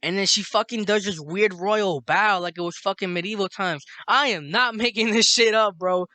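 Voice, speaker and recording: A young man from Chicago rambles through a story full of swearing, laughing at it as he goes. His voice sits a bit high, with a bright, forceful edge. The sound is dry and close. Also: normal speed, dry recording. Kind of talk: casual storytime monologue.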